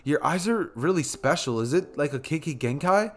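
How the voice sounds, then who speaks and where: A man voicing a brash, kind-hearted young boy ninja who shouts in defiance when angry. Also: fairly high pitch, expressive, normal speed. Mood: friendly, easygoing.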